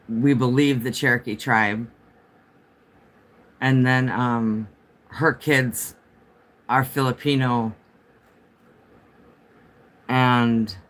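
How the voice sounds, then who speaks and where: A man's voice: mid-range voice, a bit bright. Male livestreamer at home, mid-range voice, chatty and meandering, talks straight to viewers. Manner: rambling, chatty, answers viewer comments. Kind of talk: casual livestream chat.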